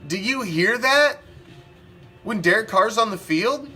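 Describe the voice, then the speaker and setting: Male sports podcast host, higher voice, profane, peppers rhetorical questions. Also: animated, unhurried, bright, forceful tone, soft background music. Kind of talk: opinionated sports talk.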